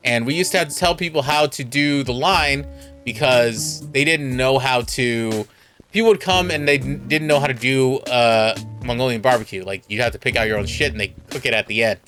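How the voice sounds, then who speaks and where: A man's voice: medium pitch, normal speed, a bit bright. Californian male streamer, chatty and self-deprecating, faint music behind. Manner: rambling, self-mocking, laughs a lot. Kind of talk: casual storytelling on stream.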